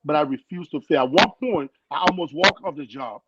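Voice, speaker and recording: A young man with a foreign accent tells his story on a podcast call, and his fairly high voice has an earnest, lively drive. The sound is dull and lo-fi, with loud noise underneath. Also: fairly quick. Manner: earnest, animated storyteller acting out quoted people. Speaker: guest. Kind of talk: casual storytelling.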